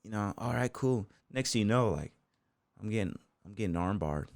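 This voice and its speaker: With a fairly low, expressive voice and a brisk pace, an American bull rider and gym owner swaps casual stories as a podcast guest. He rambles loosely, saying "you know" and "man" a lot, and the recording is dry and studio quality.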